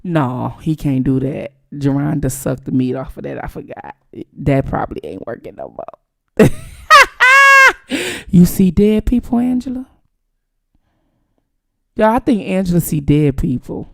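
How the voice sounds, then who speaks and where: A woman's voice: low voice, lively intonation, moderate pace, gravelly, warm tone. A woman hosting her own channel, giving blunt, profane, teasing live-stream commentary to her viewers. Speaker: channel host.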